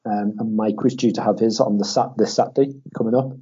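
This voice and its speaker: Young man, casual podcast chat, animated storyteller, mellow husky voice. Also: on the low side, fairly quick. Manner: animated storytelling, acts out quotes in a raised voice, swears, laughs often. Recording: dull lo-fi audio.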